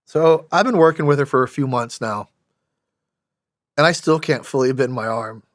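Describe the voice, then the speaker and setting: A man's voice: medium pitch, no room sound. Middle-aged us army vet guy on a podcast, stops and restarts a lot, dry studio sound. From United States. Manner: halting, with frequent restarts and fillers. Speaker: podcast guest, former soldier. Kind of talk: candid storytelling.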